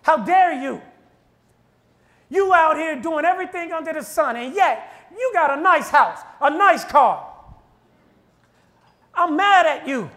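A man's voice: extremely high pitch, lively intonation, bright, forceful tone, heavily acted. A man preaching, voicing the resentful older brother in an indignant complaining rant. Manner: indignant rapid-fire complaining.

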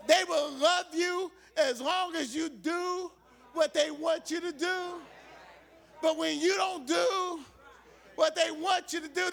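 A male preacher delivering a call-and-response sermon, shouting and chanting lines in rising waves and repeating himself. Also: very high voice, vocal fry.

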